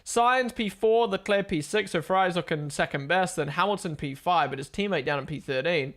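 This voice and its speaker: A young man hosting a live race watchalong stream, chatting casually, excitable and swearing as he thinks aloud. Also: high-pitched, fairly quick.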